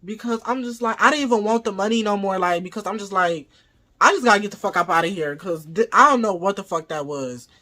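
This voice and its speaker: A man with a bright, forward voice tells a storytime tale straight to camera. His delivery is loose and profane, and he slips into acting out what he said in the moment. It sounds like casual vlog talk. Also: sits high, fast. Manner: profane, animated retelling, acts out his own quoted lines. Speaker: vlogger.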